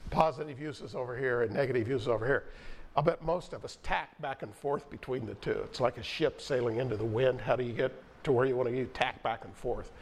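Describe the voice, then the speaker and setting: Measured male preacher reading scripture. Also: mid-range voice, slight background noise. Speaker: pastor. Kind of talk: sermon.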